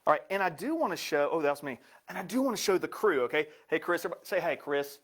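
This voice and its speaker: A man's voice: on the high side, animated, fast talker, a bit bright. A man giving a live presentation in an upbeat, joking way.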